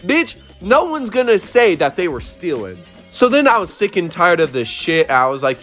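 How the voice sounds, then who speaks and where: A man's voice: sits high, big pitch swings, moderate pace, few pauses, a bit bright, soft background music. A young man telling a storytime on his vlog, blunt and profane as he retells an argument at work. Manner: blunt, swears often, retells the argument animatedly. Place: worked in New Mexico.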